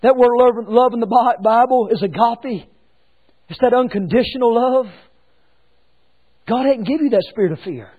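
A man preaching a sermon as pastor, swinging between hushed lines and shouted ones. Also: very high voice, moderate pace, pauses often, husky, phone-quality sound.

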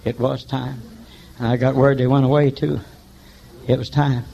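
An older man preaching a revival sermon in church, telling folksy stories and breaking into high shouts. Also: flat delivery, normal speed, creaky, slight background noise. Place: church meeting. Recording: dull lo-fi recording.

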